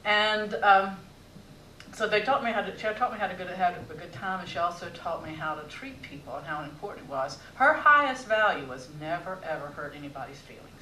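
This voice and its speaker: A woman storyteller with a slightly low, bright and forceful voice recounts family tales with wry timing and dramatic pauses. She is heard from some distance on a theater stage, with roomy echo around her. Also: lively intonation, slight background noise.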